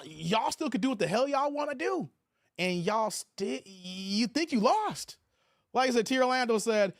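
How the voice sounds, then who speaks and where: High-voiced man hosting a casual livestream. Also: dry recording, clean studio sound. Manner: loose, chatty, reads viewer comments aloud. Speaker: livestream host.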